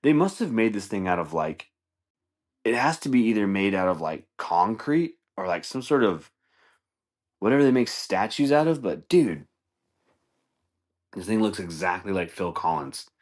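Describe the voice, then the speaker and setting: Male podcast host, very low voice, loose profane comic rambler who acts out bits. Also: sing-song, moderate pace, long pauses. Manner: rambling, profane, laughs often, acts out scenes. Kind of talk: casual comedic monologue.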